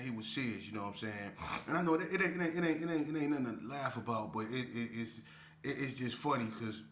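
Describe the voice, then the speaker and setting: A storyteller vlogger casually recounts prison stories, rambling and repeatedly saying "man" and "you know what I'm saying." His mid-range voice has a fairly bright tone, and the recording is roomy and echoey with slight background noise.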